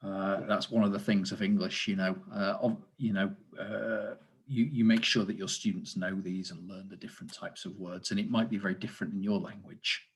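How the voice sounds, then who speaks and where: A man's voice: sits low, fairly even intonation, moderate pace, husky. A man, a teacher trainer, explaining grammar in an online lesson over a video call, with frequent fillers and asides about the chat.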